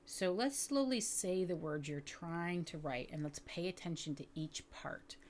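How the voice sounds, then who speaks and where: A woman teaching educators reading techniques, explaining patiently and slowly sounding out words with careful enunciation. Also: lowish voice, a little mellow, slight background noise. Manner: clear, deliberate enunciation of sounds. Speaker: literacy teacher. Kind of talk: instructional video for educators.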